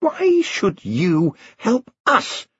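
A man's voice: high voice, huge pitch swings, very slow, breathy edge, dry recording, voice pushed up, heavily acted. A man voicing a haughty, humourless female elf queen who snaps and demands answers. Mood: cold demanding. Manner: sharp, demanding, suspicious. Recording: dull lo-fi dry recording.

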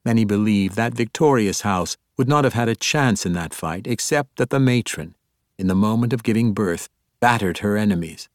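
A man voicing a proud elf priestess woman in an audiobook, speaking in a measured, solemn and formal way. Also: fairly low pitch, lively intonation, no room sound, clean studio sound, lightly acted.

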